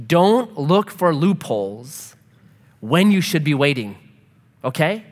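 A middle-aged man preaching a joking, animated sermon to a congregation. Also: on the high side, takes it slowly. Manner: animated, joking, acts out quoted voices. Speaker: pastor. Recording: reverberant hall.

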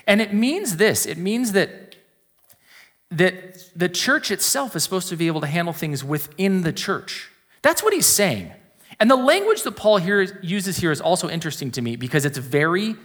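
Animated, lively-pitched male preacher. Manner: animated, conversational, swings between loud exclamations and hushed low emphasis. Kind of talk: sermon.

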